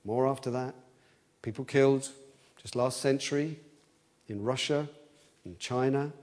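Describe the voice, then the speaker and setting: Unhurried and a little mellow, a man preaches an expository sermon in an earnest way. Words often come twice as he thinks aloud, and he raises his voice in pitch and force for the quoted cries.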